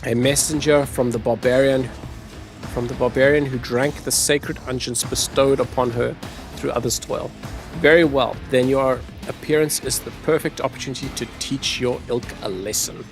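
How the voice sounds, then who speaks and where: A man voicing a menacing, haughty male renegade tech-priest lord, reading the lines aloud with a gravelly voice. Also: mid-range voice, steady tone, moderate pace, soft background music, natural voice. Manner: threatening, haughty, read aloud.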